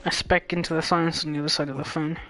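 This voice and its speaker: A man's voice: fairly high pitch, little pitch movement, very fast, sharp tone, faint music behind. A male game streamer reading a visual novel's text aloud, stumbling over words and dropping joking asides.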